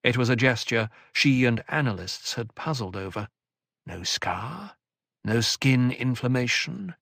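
Gravelly male audiobook narrator. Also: medium pitch, animated, a little slow, fairly bright tone, no room sound, clean studio sound. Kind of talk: scripted narration.

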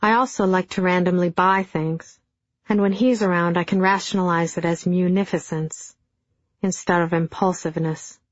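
A middle-aged woman narrating an audiobook in a dry, deadpan storytelling manner. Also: lowish voice, normal speed, dry recording. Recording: dull, dry studio sound.

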